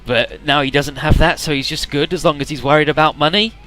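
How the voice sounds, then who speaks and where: A man's voice: a little high, brisk, pushed and bright, faint music behind. A young man hosting a let's play, rambling jokily through the story, swearing and summing up the characters. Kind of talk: casual game commentary.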